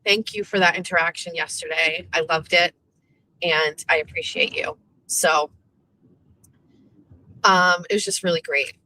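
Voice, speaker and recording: A woman hosting a casual morning show, chatty and animated, swearing freely as she tells stories. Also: fairly low pitch, measured pace, long pauses, a little hiss or hum, rough recording. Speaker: show host.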